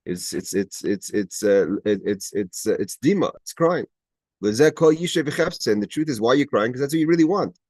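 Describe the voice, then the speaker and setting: This Torah teacher's voice is mid-range and expressive, at a normal speed with a darkish tone, captured dry on a video call. Working through a Chassidic text, he reads Hebrew and then translates it phrase by phrase, with many restarts and emphatic rising questions.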